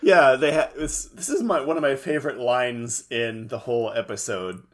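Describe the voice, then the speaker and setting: A man's voice: mid-range voice, moderate pace. A man from the Pacific Northwest co-hosting a podcast, recapping an episode in wry casual chat and quoting lines. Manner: wry, laughs often, quotes lines. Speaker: podcast co-host.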